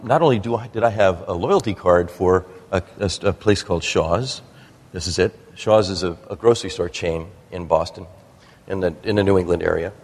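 A man from New Jersey telling stories in a talk to an audience, rambling with frequent restarts and fillers. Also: fairly low pitch. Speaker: speaker giving a talk. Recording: long reverb of a hall.

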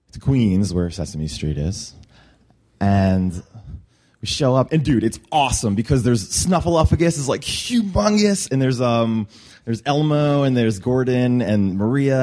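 Animated man telling a funny story. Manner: animated, puts on high squeaky voices for quotes. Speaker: storyteller at a workshop. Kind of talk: personal story told to a room.

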